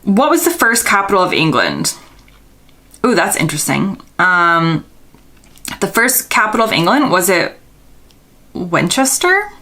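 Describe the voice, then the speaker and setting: A woman's voice: fairly low pitch, huge pitch swings, a little slow, pauses often, bright, forceful tone. A young American woman vlogger, casually thinking aloud and second-guessing herself while answering quiz questions. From United States.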